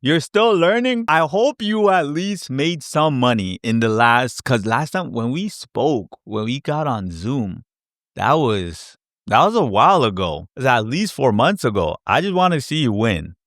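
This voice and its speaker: A man hosting a casual live Q&A stream, chatty and animated, acting out his past reactions with little sound effects. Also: medium pitch, a little slow, dry recording, studio quality. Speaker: crypto educator hosting a live Q&A. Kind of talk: casual livestream chat.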